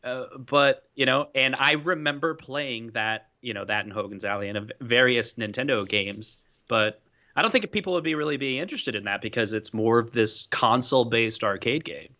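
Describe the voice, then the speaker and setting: A man's voice: mid-range voice, expressive, moderate pace, bright, forceful tone, dull audio. A man co-hosting a livestream, bantering eagerly and laughing as he chats. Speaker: livestream co-host. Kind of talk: casual livestream chat.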